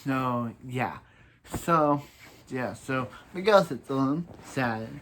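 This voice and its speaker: A man's voice: medium pitch, lively intonation, slow pace, a bit bright, a little hiss or hum. A man casually recapping a TV season, rambling with lots of fillers and restarts. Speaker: show recap reviewer.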